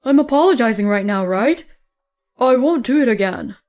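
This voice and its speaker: A woman voicing a stubborn, defensive young husband who speaks slowly and sulkily. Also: fairly high pitch, expressive, darkish tone, faint music behind. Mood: pleading.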